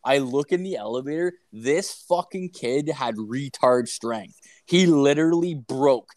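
A man's voice: mid-range voice, measured pace, darkish tone, no room sound. Male podcast co-host, profane storyteller, dry close recording. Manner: profane, rambling anecdotes. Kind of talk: crude casual storytelling.

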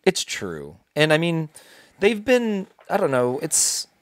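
A man in casual comedic chat, telling a story with a lively voice that swoops up and down as he acts out the people in it. The sound is dry and close. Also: takes it slowly, dry recording. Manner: animated storyteller, acts out quotes with big pitch jumps. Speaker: podcast co-host.

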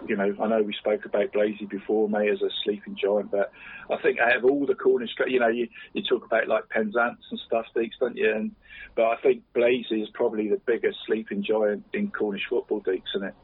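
A man's voice: on the low side, little pitch movement, fairly quick, breathy edge, no room sound. A man co-hosting a casual football podcast, rambling and saying "mate" in almost every sentence. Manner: says "mate" constantly, rambling. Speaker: podcast co-host. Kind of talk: casual chat. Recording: dry, tinny phone-like line.

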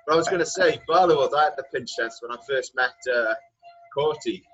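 A man's voice: mid-range voice, a little fast, a bit bright. A man, hosting a casual chat and telling stories with jokey asides. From Wales. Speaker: podcast host, pro cyclist. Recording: dull lo-fi sound, faint music.

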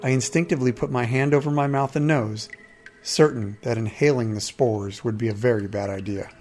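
A man reads a first-person fantasy adventure aloud. His delivery is steady and measured, at a mid pitch. Soft music plays faintly underneath. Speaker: narrator.

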